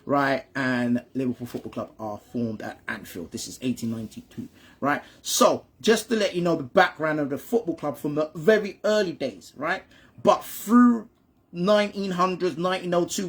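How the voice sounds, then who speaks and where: A man's voice: on the high side, gravelly, breathy edge. A father telling his son football history in a casual chat, often checking in with "right?" and "you understand me?". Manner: repeats and restarts words when stumbling. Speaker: father and channel host.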